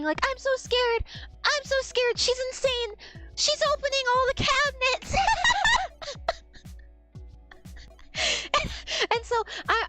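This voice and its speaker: A young adult woman telling a story on a livestream in a casual, animated way, swearing and laughing as she talks. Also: very high-pitched. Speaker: streamer.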